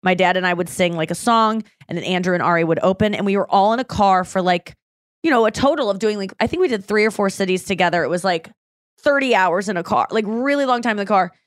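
A woman co-hosting a podcast, telling stories in a lively way with lots of "like" fillers and acted-out quotes. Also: medium pitch, fast talker, no room sound, studio quality. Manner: animated storyteller acting out quoted voices, many "like" fillers. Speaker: podcast co-host. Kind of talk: casual chat.

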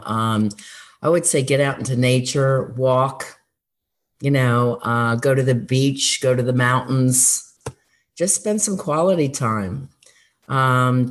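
A woman who worked as a school counselor, giving earnest, encouraging advice in a relaxed interview, with frequent fillers. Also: a bass voice. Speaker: former school counselor, guest. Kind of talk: conversational interview answers.

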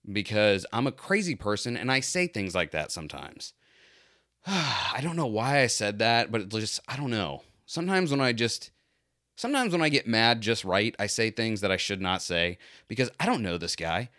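A man's voice: on the low side, moderate pace, no echo, clean studio sound. A man who cleans pools tells a personal story casually, poking fun at himself and acting out what people said. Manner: animated, self-mocking, acts out quoted lines. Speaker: pool cleaner.

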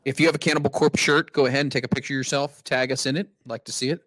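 A man's voice: medium pitch, fairly even intonation, racing, fairly bright tone, dry recording. A man hosting a live show, chatting loosely and joking while thanking his audience. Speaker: show host. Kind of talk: casual live-stream chat.

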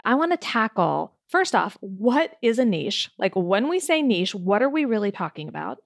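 A woman's voice: medium pitch, no room sound, studio quality. A woman hosting her own coaching podcast, talking straight to the listener in an upbeat, friendly way. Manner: warm, upbeat, direct address to listener. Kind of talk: solo podcast talk.

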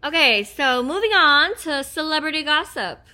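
A woman's voice: high-pitched, lively intonation, moderate pace, sharp tone. A woman in her thirties co-hosting a podcast, chatting casually and bluntly, giggly and crude. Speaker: podcast co-host. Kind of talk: casual gossip chat.

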